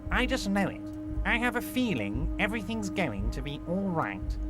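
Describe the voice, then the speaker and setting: A man's voice: high voice, big pitch swings, moderate pace, over music. A man voicing a fawning middle-aged union boss who talks in an oily, overly reassuring, theatrical way. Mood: smarmy. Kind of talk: fan voice acting of a game.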